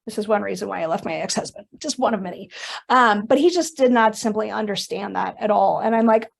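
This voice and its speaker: A middle-aged woman presenting a business webinar, telling stories in an animated, conversational way. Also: mid-range voice, fairly quick, gravelly. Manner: animated storytelling with conversational asides. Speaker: workshop presenter.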